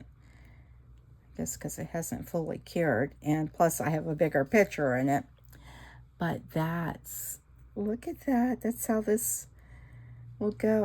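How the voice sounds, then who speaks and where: Slow-talking woman crafter. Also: low voice. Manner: gushing, often gasps and whispers in awe. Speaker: resin craft vlogger. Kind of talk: casual crafting chat to viewers.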